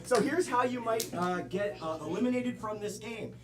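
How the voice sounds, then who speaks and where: A man hosting a live improv comedy show, loud and joking as he explains the rules to the audience. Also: high-pitched, moderate pace. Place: comedy theater stage. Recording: live crowd around.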